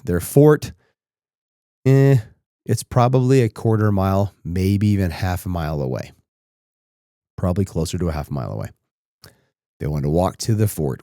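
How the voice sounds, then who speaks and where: In a deep, mellow voice, a man in his thirties hosts a podcast and shares a personal story. He starts reflective but grows emotional and tearful as he recounts it. The sound is clean studio audio with no room sound.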